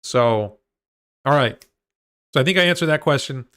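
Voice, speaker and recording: A man hosting a livestream, talking through ideas out loud with restarts and reading viewer comments before launching into a rant. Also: medium pitch, animated, moderate pace. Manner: thinks aloud with restarts, reads comments. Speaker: host of a livestream on stocks. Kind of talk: solo livestream talk and rant.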